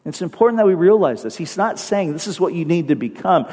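A male pastor preaching a sermon in earnest, slowing down to stress key phrases. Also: on the high side, animated, darkish tone. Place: church sanctuary. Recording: long hall reverb.

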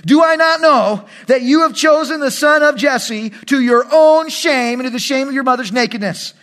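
Preacher guy doing an angry raging king, loud and shouty, high voice. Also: moderate pace. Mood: furious. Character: furious king raging at his son.

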